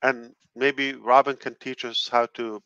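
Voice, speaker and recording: Bright, dry-voiced earnest male guest. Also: medium pitch, flat delivery, smooth, dry recording, muffled recording. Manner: halting, earnest advice with many restarts. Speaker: special guest. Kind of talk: casual video-call chat.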